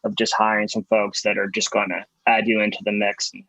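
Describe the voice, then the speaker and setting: A man's voice: fairly low pitch, monotone, brisk, gravelly, pushed and bright, no echo, rough recording. A man talking as a podcast guest in a casual interview, emphatic and openly contrarian in his views. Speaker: podcast guest, design firm founder.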